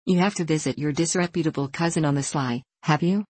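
A woman's voice: deep voice, quick pace, a little mellow, husky, no room sound. A woman reading the lines of a jovial, merry young king in a hearty, laughing manner.

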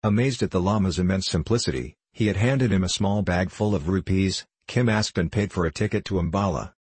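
A man reading a novel aloud as an audiobook narrator, in a measured, even storytelling manner. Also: deep voice, slightly rough, no room sound. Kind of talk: scripted narration.

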